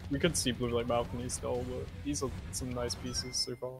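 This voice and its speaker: A man's voice: mid-range voice, level tone, moderate pace, creaky, faint music behind. A man co-commentating a live speedrun match, laying out the strategic options for each player. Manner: analytical, points out options and strategy.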